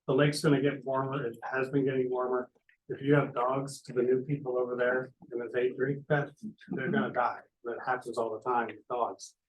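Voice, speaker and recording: A man speaking up at a town hearing, earnest and emphatic in his warnings. His voice is of ordinary pitch with a faint background hiss. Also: low-quality recording. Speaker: resident speaking at public hearing. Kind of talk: public comment. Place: town hall meeting room.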